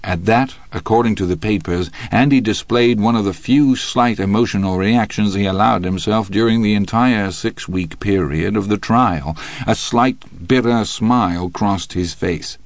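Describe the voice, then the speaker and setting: A man reading an audiobook in a steady, even storytelling manner. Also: lowish voice, normal speed, few pauses, dry recording. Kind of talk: audiobook narration.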